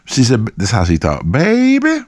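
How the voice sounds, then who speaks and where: A man hosting his own show, telling profane, animated stories and acting out other people's voices. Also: low-pitched, normal speed, dry recording, clean studio sound. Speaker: host. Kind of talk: casual storytelling.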